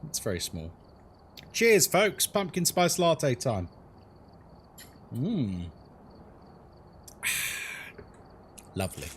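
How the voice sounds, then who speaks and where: A man's voice: on the high side, slow pace, pauses often, a little hiss or hum. Chatty male game streamer. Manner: chatty, animated, jokey, talks to chat as folks. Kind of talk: casual live-stream chat.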